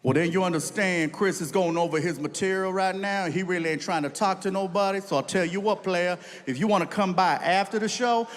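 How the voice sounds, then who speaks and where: A man voicing a huge, stern male bodyguard who speaks low, slow and firm. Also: long reverb tail, lightly acted.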